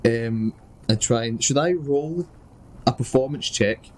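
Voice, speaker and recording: A man chatting casually as a player in a tabletop game, playful and quick to laugh. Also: mid-range voice, slight background noise, low-quality recording.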